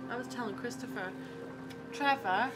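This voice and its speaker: A woman's voice: fairly high pitch, normal speed, over loud music. A woman joining a game stream, playful and teasing in casual banter.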